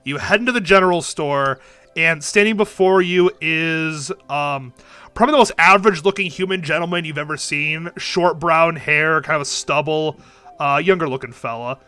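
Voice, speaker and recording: A man's voice: on the high side, moderate pace, pushed and bright, clear, resonant tone. A man narrating as game master in a tabletop game, casual and laughing, with many restarts. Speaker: dungeon master.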